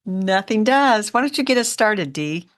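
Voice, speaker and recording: A woman from Indiana co-hosting a casual gardening podcast, telling stories in a chatty, animated way. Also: medium pitch, measured pace. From Indiana, USA. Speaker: podcast co-host.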